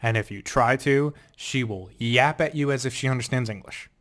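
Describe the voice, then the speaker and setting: A man's voice: mid-range voice, moderate pace. Rambling young man telling stories. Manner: rambling, animated storytelling with laughs and filler words. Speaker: vlogger. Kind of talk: casual rambling vlog chat.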